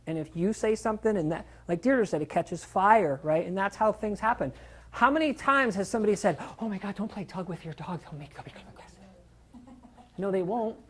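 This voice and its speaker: A middle-aged man, a dog trainer, giving a casual, animated seminar talk, acting out quoted voices and swearing now and then for emphasis. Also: high voice.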